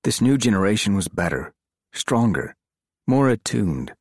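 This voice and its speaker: A man narrating a thriller audiobook in a measured, dramatic reading. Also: lowish voice, sing-song, no room sound, studio quality. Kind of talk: scripted narration.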